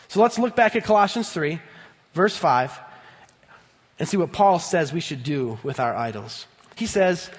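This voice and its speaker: Emphatic high-voiced male pastor, hall reverb. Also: animated, moderate pace. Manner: emphatic, swings from loud bursts to low earnest tones. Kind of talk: sermon. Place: church sanctuary.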